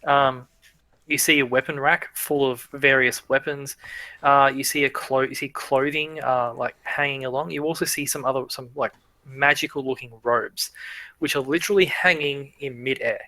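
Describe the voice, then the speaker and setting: A man's voice: mid-range voice, steady tone, moderate pace, sharp tone, no room sound. A man narrating a tabletop game as game master, rambling and correcting himself as he goes.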